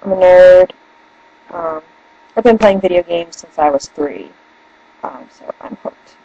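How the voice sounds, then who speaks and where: This young vlogger's voice sits fairly low and moves a little slowly, mellow with a breathy edge, on a muffled recording without echo. She has a northern US accent and chats casually and gigglingly, rambling along in a room at home by a bookshelf.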